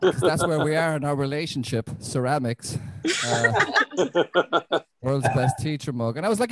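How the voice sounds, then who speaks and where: A young Irish man doing a stand-up comedy set on a club stage, deadpan and self-deprecating, with frequent swearing. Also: on the high side, unhurried, rough recording. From Ireland.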